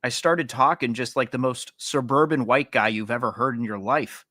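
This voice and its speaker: A man's voice: mid-range voice, fairly even intonation, moderate pace, bright, forceful tone, no room sound, studio quality. A man co-hosting a podcast in casual, teasing chat, laughing often. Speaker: podcast co-host.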